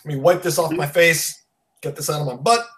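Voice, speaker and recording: A man hosting a casual podcast chat, wired on coffee, rushed and rambling, blunt and profane. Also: a little high, steady tone, a bit bright, a little hiss or hum. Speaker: podcast host.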